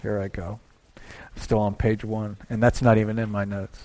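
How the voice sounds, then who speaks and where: A man preaching a sermon in a church, talking conversationally and acting out little asides as he swings between quiet and loud. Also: fairly low pitch, little pitch movement, moderate pace. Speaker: pastor.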